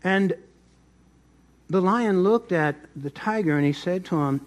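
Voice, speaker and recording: Middle-aged man, pastor, high-pitched voice, sermon, loud then soft. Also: a little slow, long pauses. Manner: swings between loud emphasis and soft asides.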